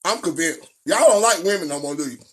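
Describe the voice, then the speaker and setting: A man's voice: fairly high pitch, animated, fast. A middle-aged man, ranting in a preachy and profane live-stream monologue that breaks into sing-song.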